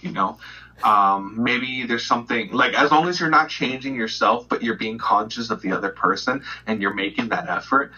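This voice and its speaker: A man's voice: medium pitch, moderate pace, bright, forceful tone, breathy edge. A man as a guest on a casual podcast, talking frankly and emphatically with plenty of swearing, heard over a video call. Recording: muffled video call audio.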